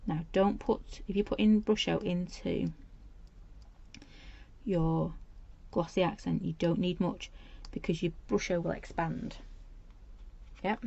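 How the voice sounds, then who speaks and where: A chatty woman talks her way through a live craft demo, rambling as she works. Her voice is gravelly and mellow. The livestream audio is dull and lo-fi with a faint hiss underneath. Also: on the low side, steady tone, slow, long pauses. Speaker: craft demonstrator.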